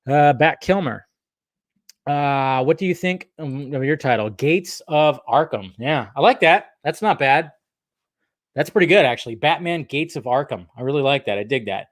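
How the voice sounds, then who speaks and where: A man's voice: a little high, lively intonation, normal speed, no echo, studio quality. A man hosting a casual livestream, reading chat questions aloud and answering in a rambling, profane way.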